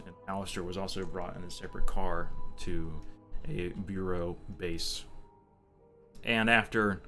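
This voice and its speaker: Low-voiced man running a tabletop game. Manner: relaxed, halting narration with many fillers. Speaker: game master. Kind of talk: narrating a tabletop role-playing game.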